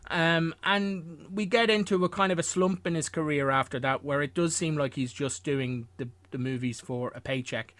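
A man's voice: fairly high pitch, steady tone, normal speed, hardly any pauses, a bit bright, no echo. A man hosting a casual film podcast, rambling through a career with asides and restarts. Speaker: podcast host.

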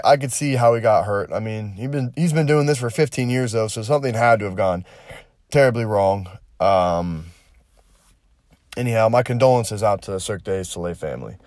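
A man's voice: mid-range voice, lively intonation, moderate pace, a little mellow, no room sound, clean studio sound. A man co-hosting a podcast, giving casual news commentary in a blunt, joking way with plenty of swearing. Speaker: podcast co-host.

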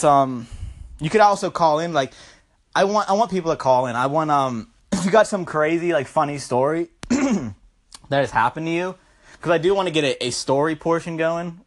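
A stoned young man hosting a podcast, telling a rambling, profane comic story into his phone. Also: a little high. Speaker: podcast host.

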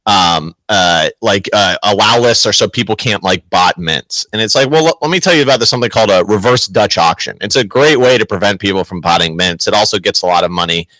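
A man's voice: lowish voice, lively intonation, brisk, few pauses, pushed and bright, no room sound, rough recording. A man chatting casually on a podcast, rambling and leaning on filler words. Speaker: show regular. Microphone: home computer mic.

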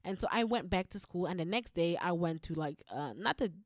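A woman's voice: fairly low pitch, lively intonation, a little fast, dry recording. Give me a blunt, heated woman telling a story, with a dry close-up sound. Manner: blunt, heated, swears constantly. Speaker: vlogger. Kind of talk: storytelling monologue.

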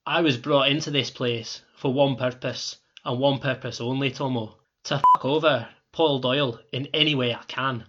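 A man's voice: medium pitch, fairly even intonation, normal speed, few pauses, lo-fi sound, very noisy, natural voice. A man playing a vengeful Scottish football manager. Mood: blunt. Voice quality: crude, blunt, grudging. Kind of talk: comedy sketch acting.

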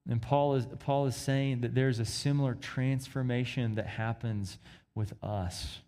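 A man preaching a sermon, swinging between emphatic rises and hushed, quiet drops. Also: medium pitch, fairly even intonation, measured pace.

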